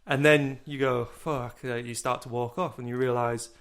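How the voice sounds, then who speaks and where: A man's voice: mid-range voice, steady tone, normal speed. A young man co-hosting a casual podcast, telling a long rambling story with casual swearing. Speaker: podcast co-host.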